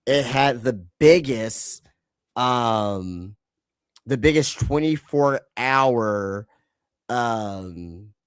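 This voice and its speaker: A man co-hosting a casual podcast, laid-back and full of fillers and quick agreements. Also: medium pitch, expressive, clear, resonant tone, no echo, clean studio sound. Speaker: podcast co-host.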